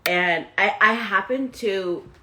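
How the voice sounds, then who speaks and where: A woman's voice: mid-range voice, slow pace, sharp tone, slight background noise. A woman hosting a live motivational self-help talk, chatting directly with her viewers. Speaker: host and self-help coach.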